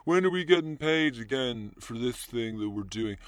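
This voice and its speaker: A comedian doing a low, mumbling young office worker making monotone small talk. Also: male voice, moderate pace, no echo, natural voice. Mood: bored.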